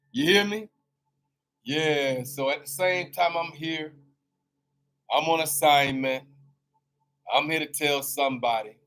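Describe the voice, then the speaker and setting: A man's voice: fairly high pitch, low-quality recording. A middle-aged man hosting his own podcast as a health coach, talking in a loose, preachy, motivational way with casual slang. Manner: preachy, animated, colloquial with slang.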